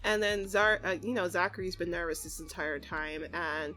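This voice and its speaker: A young woman giving casual gameplay commentary as a let's play host, bubbly and excitable, often laughing and squealing. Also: fairly low pitch, normal speed, faint music behind.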